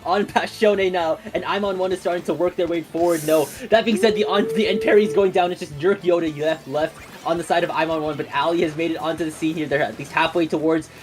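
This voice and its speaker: A man commentating an online video game tournament live, calling the action and laughing along. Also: a little high. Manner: rapid excited play-by-play, laughing. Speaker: esports commentator. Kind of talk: play-by-play commentary.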